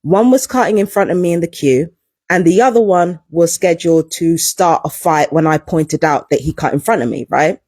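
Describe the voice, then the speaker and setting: A woman's voice: fairly low pitch, moderate pace, a little mellow, slightly rough, no echo, studio quality. A woman telling a story to camera in a casual vlog, emphatic and profane, repeating herself for emphasis. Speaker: vlogger.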